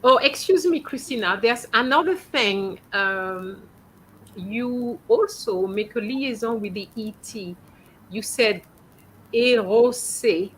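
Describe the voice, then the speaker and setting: A woman's voice: on the high side, animated, takes it slowly, fairly bright tone, a little hiss or hum, rough recording. Patient French teacher woman correcting pronunciation. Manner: patient, corrective, checks understanding with frequent "okay?". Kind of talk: coaching students on reading aloud.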